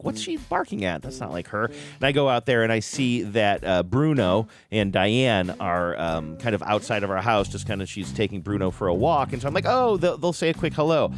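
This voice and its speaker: A middle-aged man hosting a podcast, telling a story in a casual, self-deprecating way and raising his voice when he quotes people. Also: mid-range voice. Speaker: podcast host.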